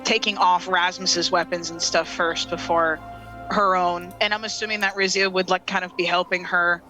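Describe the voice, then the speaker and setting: Bright-voiced woman playing a tabletop game. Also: lowish voice, little pitch movement, normal speed, faint music behind, poor audio. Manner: chatty, hesitant with many fillers. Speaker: player. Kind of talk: describing her character's actions in a tabletop game.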